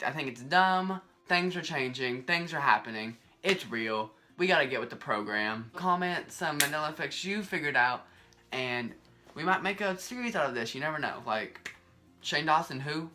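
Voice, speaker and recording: A young man, talking casually and rambling to camera in a vlog, often exasperated and animated. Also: a little high. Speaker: vlogger.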